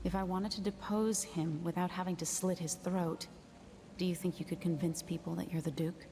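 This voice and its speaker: A woman voicing a steely young empress turned assassin, speaking low, calm and direct. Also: normal speed, a little hiss or hum, close to an everyday voice. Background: game music.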